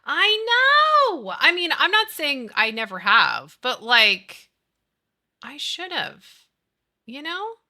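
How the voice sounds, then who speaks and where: A woman's voice: high-pitched, huge pitch swings, slow, sharp tone. A woman in her thirties chatting casually and animatedly with her live chat, giggling and gushing as she talks. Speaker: streamer.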